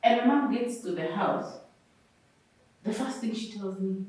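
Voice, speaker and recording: A woman's voice: mid-range voice, a little slow. Kenyan woman telling a story in an echoey room. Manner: expressive, acts out quoted people. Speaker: guest mother sharing her story. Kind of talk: personal storytelling interview. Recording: echoey room, far from mic.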